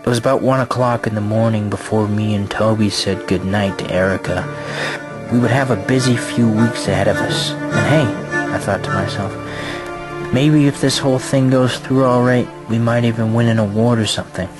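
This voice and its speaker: Male narrator for a spooky audio story, steady delivery, lower voice, clear music bed. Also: moderate pace. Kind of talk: scripted narration.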